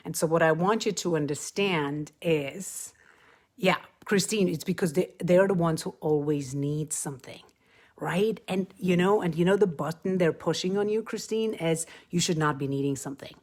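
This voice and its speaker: A middle-aged woman with a low-set voice talks casually on a live stream, coaching parents. She is chatty and emphatic, repeats her key points for weight, and drops into quick acted-out asides. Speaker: host.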